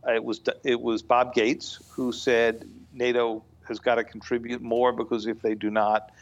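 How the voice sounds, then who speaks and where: Man, podcast guest, measured and thoughtful, slightly muffled lo-fi audio. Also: medium pitch, flat delivery. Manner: measured, thoughtful, frequent "you know" fillers. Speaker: guest foreign-policy analyst. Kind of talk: podcast discussion.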